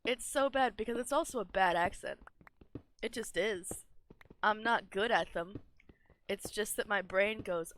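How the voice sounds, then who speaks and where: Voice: medium pitch, measured pace, fairly bright tone, slight background noise. A young adult streamer giving casual, rambling gameplay commentary, self-deprecating and often laughing. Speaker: gaming streamer.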